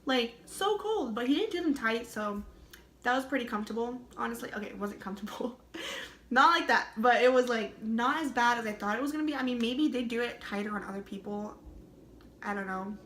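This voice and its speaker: A woman's voice: on the high side, lively intonation, a little fast, a bit bright. Chatty young woman in an echoey room. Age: young adult. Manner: chatty, full of "like", laughing asides. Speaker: vlogger. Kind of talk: casual storytime vlog. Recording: roomy echo.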